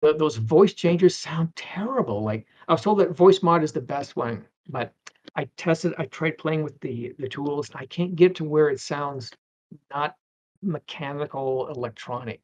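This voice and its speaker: A man's voice: a little high, normal speed, darkish tone, muffled recording. A man in his fifties, a guest animator, chatting casually in an interview and rambling with many restarts. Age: 50s.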